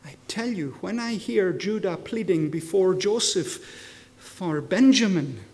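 High-voiced impassioned male preacher. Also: lively intonation, a little slow. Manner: impassioned, swinging from hushed to ringing; rhetorical questions to the congregation. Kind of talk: expository sermon.

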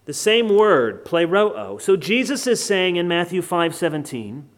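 An American man preaching an expository sermon, stressing key words by slowing down and dropping in joking asides. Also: high-pitched, lively intonation. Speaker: pastor.

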